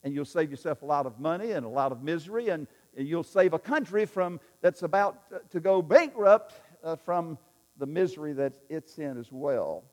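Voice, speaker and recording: A pastor with a slightly high, expressive, darkish voice preaches at a moderate pace, emphatic and repetitive, leading his listeners in call-and-response lines. Long reverb from a large hall surrounds his sermon.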